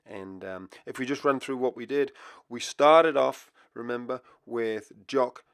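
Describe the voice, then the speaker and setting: A man's voice: mid-range voice, a little slow, a bit bright, smooth, dry recording, clean studio sound. A man who trains dogs, giving an upbeat, explanatory voice-over lesson. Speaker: dog trainer. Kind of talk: instructional voice-over.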